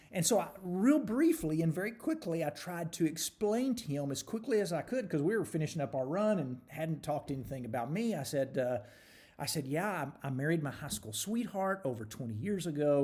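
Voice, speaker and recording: Earnest man telling a story, mellow voice. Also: on the high side. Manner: earnest and animated, with many repeated starts. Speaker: ministry speaker. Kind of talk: personal storytelling.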